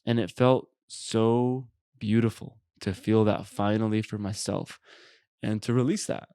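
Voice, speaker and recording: A man's voice: on the low side, steady tone, unhurried, dark tone, clean tone, no room sound, clean studio sound. A man hosting a solo spiritual podcast, rambling earnestly with lots of fillers and casual swearing. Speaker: podcast host.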